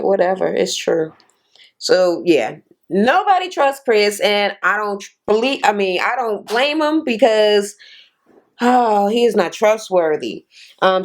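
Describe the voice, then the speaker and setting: A woman's voice: fairly low pitch, darkish tone. A woman recapping a reality show in a casual, chatty way, blunt and swearing freely, with lots of "you know" and "uh".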